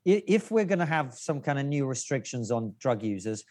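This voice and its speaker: A man's voice: medium pitch, big pitch swings, fairly quick, a little mellow. A man talking as a podcast guest, wry and opinionated, arguing his points in casual conversation.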